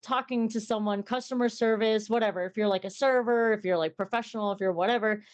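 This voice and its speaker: A woman's voice: fairly high pitch, fairly even intonation, fast, clean tone. A young woman streamer chatting casually in an interview, rambling and acting out little conversations in a lifted voice.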